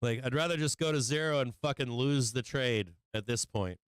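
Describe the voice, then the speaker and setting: A man's voice: medium pitch, moderate pace, clean tone, no echo, low-quality recording. A man hosting a live stock trading stream, talking casually about the market in a rambling way and venting with profanity. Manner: profane, venting frustration, laughing at himself; rambling with fillers and restarts. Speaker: livestream stock trading host.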